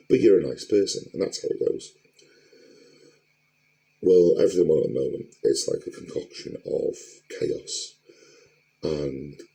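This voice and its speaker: Middle-aged man, very deep gravelly voice, candid rambling vlog, blunt and sweary. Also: warm tone, rough recording. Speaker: vlogger.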